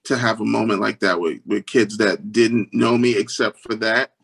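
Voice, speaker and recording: A man being interviewed as a guest. He tells stories earnestly, restarts his sentences often, and jumps into high, lively voices when he quotes other people. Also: normal speed, gravelly, husky. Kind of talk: storytelling interview.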